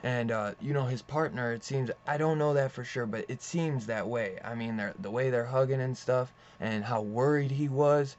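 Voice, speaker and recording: A young man casually reviewing a comic book, rambling and excitable, swearing and saying "dude" often. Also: mid-range voice, moderate pace, few pauses. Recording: slightly dull lo-fi audio with faint hiss.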